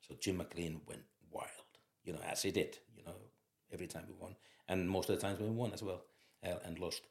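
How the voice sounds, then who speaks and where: Low-voiced Finnish man telling stories. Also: a little fast, gravelly. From Finland. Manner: lively storyteller, laughs through his anecdotes. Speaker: former footballer, guest. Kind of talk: anecdotal interview storytelling. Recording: roomy echo.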